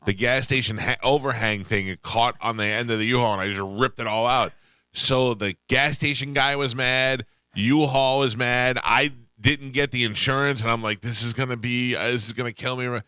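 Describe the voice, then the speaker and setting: A middle-aged man hosting a radio show, telling quick anecdotes in casual studio chat and acting out the voices of the people in his stories. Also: medium pitch, fairly even intonation, sharp tone, smooth, no room sound. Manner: rapid anecdotes, acts out quoted voices.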